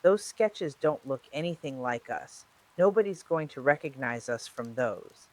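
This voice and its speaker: A desperate woman on a phone call, pleading one moment and defensive the next, as a storyteller puts her on. Her lines come at a middling pitch. The delivery stays close to the storyteller's own reading voice. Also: lively intonation, measured pace, a little mellow, lightly acted. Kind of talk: true-crime storytelling.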